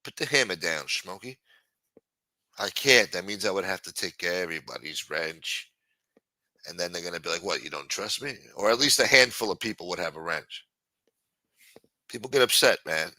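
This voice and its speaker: Profane livestream host, man, exasperated rant, bright forceful voice, dry close sound. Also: sits low, lively intonation, moderate pace, long pauses, dry recording. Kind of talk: ranting livestream talk.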